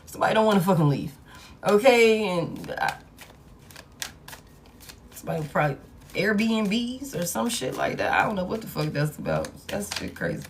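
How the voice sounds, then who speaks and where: Female tarot reader, average pitch, blunt and profane, loud hype and low asides. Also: sing-song, moderate pace, pauses often, a little hiss or hum. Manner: swings between loud hype and low muttering. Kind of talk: live collective tarot reading.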